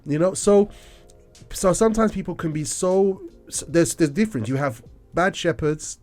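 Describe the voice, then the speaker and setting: A man hosting a Christian breakfast show, telling stories in an animated way and acting out the characters' voices. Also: a little high, moderate pace, soft background music. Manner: animated storyteller who acts out voices. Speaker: host.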